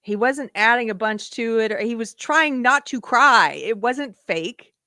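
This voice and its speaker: A woman's voice: on the high side, measured pace, sharp tone, dry recording, studio quality. A woman from South Carolina hosting a live political show, giving emphatic, opinionated commentary and reading out viewer donations.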